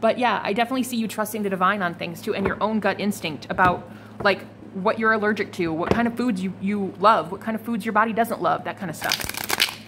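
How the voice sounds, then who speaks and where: A woman's voice: medium pitch, fairly quick, noisy background. A woman giving a casual, chatty tarot reading to her viewers, swearing freely and laughing now and then. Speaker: tarot reader.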